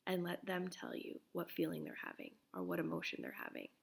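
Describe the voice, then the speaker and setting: Gravelly-voiced woman talking gently to parents. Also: fairly low pitch, level tone, fairly quick. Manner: earnest, gentle, drops to soft whispers. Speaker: parenting coach. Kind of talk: casual talk to parents.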